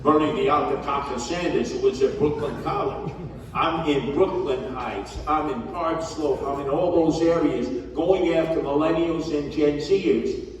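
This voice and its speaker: A man delivers a blunt, scolding campaign speech at a slightly higher pitch than most men. He is heard from far off in a big echoey hall with a long reverb tail, with faint room ambience behind him. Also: measured pace. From New York. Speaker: mayoral candidate. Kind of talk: campaign speech to a community gathering. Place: community hall gathering.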